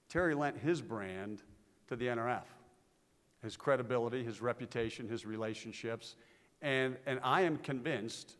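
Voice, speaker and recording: Earnest middle-aged man speaking in a reverberant hall. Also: medium pitch. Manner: earnest, storytelling, gets animated in anecdotes. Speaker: conference speaker. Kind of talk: conference tribute speech. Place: conference stage in a large hall.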